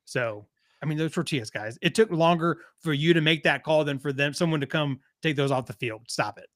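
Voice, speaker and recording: A man's voice: on the high side, brisk, a bit bright, dry recording, studio quality. A man from Texas, co-hosting a podcast and ranting in a casual, profane, joking way about sports. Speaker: podcast co-host.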